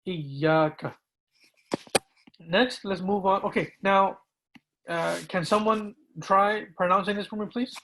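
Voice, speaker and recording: A man, an imam, patiently teaching pronunciation and repeating words slowly to gently correct students. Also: high-pitched, slight background noise, poor audio.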